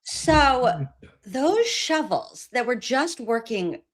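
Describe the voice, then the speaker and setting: A woman's voice: on the high side, very animated, very slow, slight background noise. A woman hosting a casual livestream, giving sarcastic running commentary with frequent laughs. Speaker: livestream host. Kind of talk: casual commentary on trial footage.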